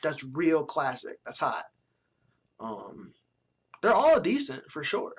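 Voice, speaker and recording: A man's voice: a little high, wildly swooping pitch, slow pace, slightly rough. A young man giving casual, profane commentary as a vlogger, blunt and mocking with plenty of slang. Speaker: vlogger reviewing sports jerseys.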